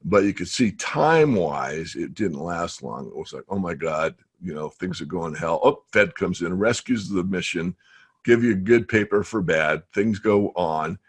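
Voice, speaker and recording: A man with a low, husky voice talks animatedly as a guest on a trading webinar. He tells stories and makes his points with emphasis. The audio comes through a webinar call. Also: lively intonation, moderate pace. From United States. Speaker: guest trader. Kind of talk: casual interview.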